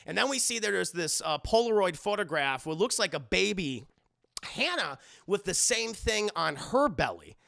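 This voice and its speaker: Male streamer, gravelly voice, loose and profane recap style. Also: sits high, sing-song, normal speed, sharp tone. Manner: loose, profane, addresses chat often. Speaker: streamer reviewing an animated show. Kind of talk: casual live-stream commentary.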